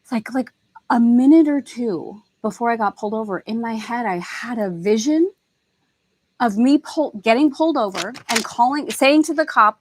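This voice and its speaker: A woman's voice: a little high, moderate pace, no echo. A middle-aged woman hosting a spiritual lesson talk, telling stories with animation and acting out family voices. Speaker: host.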